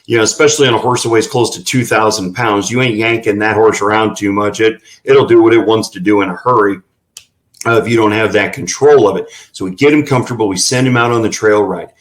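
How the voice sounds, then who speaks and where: A man's voice: fairly low pitch, fairly even intonation, quick pace, slight background noise, poor audio. A man telling folksy anecdotes in a casual interview, with plenty of fillers. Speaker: ranch representative.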